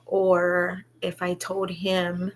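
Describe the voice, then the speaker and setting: A woman telling a personal story, halting and reflective, with many pauses and fillers. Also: fairly low pitch, monotone. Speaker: vlogger sharing her own story.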